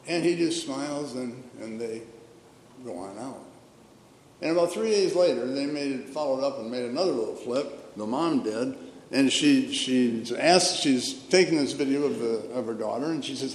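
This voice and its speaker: A man's voice: mid-range voice, moderate pace, a little hiss or hum. An older man, a retired pastor, preaching a folksy storytelling sermon full of fillers and restarts. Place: church sanctuary. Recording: echoey hall with long reverb, faint room ambience.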